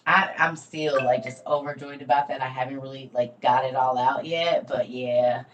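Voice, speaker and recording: A woman hosting a casual ministry livestream, chatting with viewers and calling them "y'all", going from loud bursts to murmured asides. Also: extremely low pitch, fairly even intonation, moderate pace.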